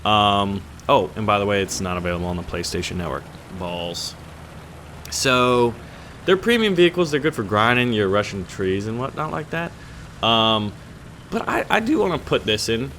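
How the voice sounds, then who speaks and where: A man's voice: fairly low pitch, lively intonation, moderate pace, fairly bright tone, a little hiss or hum. A man hosting a gaming channel, chatting casually over his gameplay in a rambling, joking way with lots of fillers and restarts.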